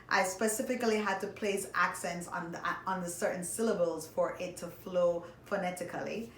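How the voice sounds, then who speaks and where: A woman's voice: fairly low pitch, steady tone, normal speed, hardly any pauses, a bit bright. A woman music teacher giving a songwriting lesson, explaining patiently and speaking directly to her students. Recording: echoey room, faint background noise.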